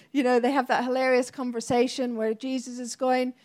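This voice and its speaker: A woman's voice: high voice, steady tone, moderate pace, darkish tone. A woman preacher delivering a sermon in an earnest, conversational way with laughing asides.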